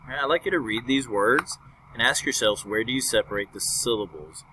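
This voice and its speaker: A man's voice: mid-range voice, fairly quick, background noise. A young man teaching a recorded fourth-grade lesson, upbeat and patiently explaining step by step.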